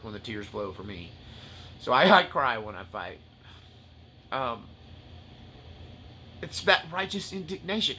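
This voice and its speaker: A man's voice: lowish voice, slight background noise. A man preaching on spiritual warfare, talking with passionate fervor that swings to loose joking asides. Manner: impassioned, rising to near-shouts and tearful intensity, then joking asides. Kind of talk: fiery spiritual-warfare teaching.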